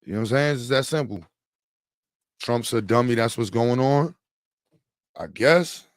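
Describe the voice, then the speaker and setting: A man's voice: mid-range voice, lively intonation, moderate pace, dry recording, clean studio sound. A man hosting a casual livestream, chatting with viewers in a rambling, slangy, joking way. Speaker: livestream host. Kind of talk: casual live chat with viewers.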